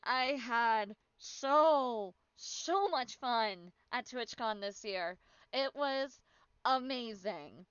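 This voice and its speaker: A woman's voice: on the high side, animated, very slow, a bit bright, smooth, dry recording, highs cut off. A woman chatting casually on a stream as a VTuber, bubbly and chatty but tired and yawning.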